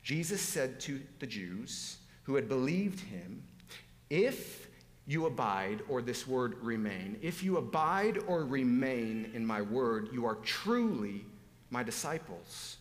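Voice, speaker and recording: A man preaching a sermon in a church sanctuary, his voice mid-pitched and rising to loud emphatic exclamations. He drops suddenly into hushed asides. A long hall reverb trails after every phrase. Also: sing-song, unhurried.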